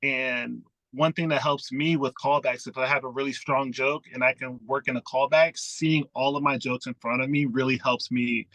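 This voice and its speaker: A man's voice: mid-range voice, steady tone, moderate pace, hardly any pauses, fairly bright tone, no room sound, poor audio. A man, a comedian, chatting casually about writing his sets, acting out his own thoughts as he talks.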